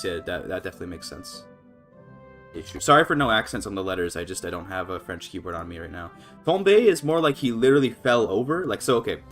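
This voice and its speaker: A man casually commentating a strategy game on a live stream, thinking aloud with many fillers and restarts, breaking into laughs. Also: on the low side. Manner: laughs often, voice jumps up when excited.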